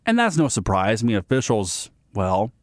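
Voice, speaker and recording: A man's voice: lowish voice, huge pitch swings, moderate pace, no room sound. A man hosting a sports radio segment, giving blunt, ranting opinions and often restarting and repeating himself.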